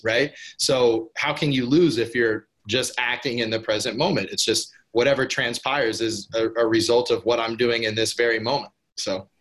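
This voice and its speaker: A man's voice: mid-range voice, fairly bright tone. A man talking casually and eagerly on a podcast, rambling with many restarts and fillers. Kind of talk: casual conversation.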